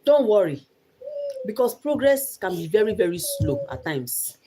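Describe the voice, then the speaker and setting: A woman's voice: mid-range voice, very animated, unhurried, noisy background. A young Nigerian woman giving an earnest motivational talk about her life, repeating phrases for emphasis. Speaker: vlogger.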